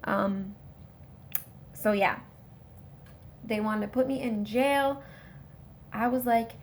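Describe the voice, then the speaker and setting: A woman's voice: fairly high pitch, slow pace, pauses often, slight background noise. A woman vlogger telling a rambling personal story straight to her viewers in a casual way.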